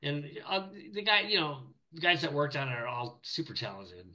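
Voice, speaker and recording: A middle-aged man with a fairly high, bright voice tells stories in a casual interview. His pitch swings widely, and he rambles, trips over his words and restarts as he goes. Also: normal speed, poor audio. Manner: rambling, animated storyteller with many restarts. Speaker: animator guest.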